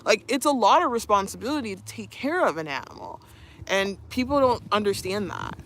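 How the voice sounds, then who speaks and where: A woman's voice: medium pitch, lively intonation, brisk, slight background noise. A young woman streaming live, chatting casually, reading viewer comments, laughing often and cooing to her dog. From Canada.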